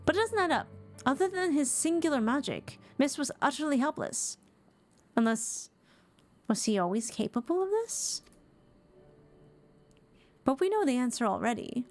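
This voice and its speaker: A woman's voice: high-pitched, sing-song, normal speed, long pauses, faint music behind. A woman voicing an earnest, determined young companion in a video game, reading her lines aloud.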